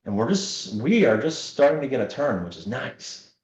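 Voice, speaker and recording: A man's voice: medium pitch, big pitch swings, moderate pace, a little mellow. A man, a scrum master with a young child, talking in a loose, rambling, self-interrupting way in a casual chat. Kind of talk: casual conversation. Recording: echoey room, dull lo-fi sound.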